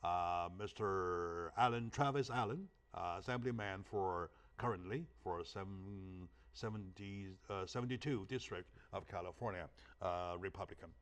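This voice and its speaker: A man's voice: low-pitched, unhurried, few pauses. A man whose first language is Chinese hosting a talk show, emphatic and fond of rhetorical questions with a tag "right?". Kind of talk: animated interview talk.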